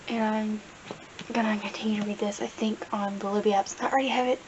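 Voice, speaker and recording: A woman's voice: medium pitch, steady tone, a little fast. A young woman rambling casually about her reading in a vlog, full of fillers, recorded on a camera mic. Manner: rambling, chatty, many fillers. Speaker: book vlogger. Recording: dull lo-fi camera audio with faint hiss.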